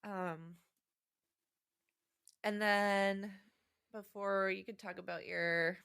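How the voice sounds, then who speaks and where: A woman co-hosting a casual movie podcast, chatty and quick to laugh, often trailing off with fillers. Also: mid-range voice, steady tone, gravelly, fairly bright tone, smooth. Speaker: podcast co-host.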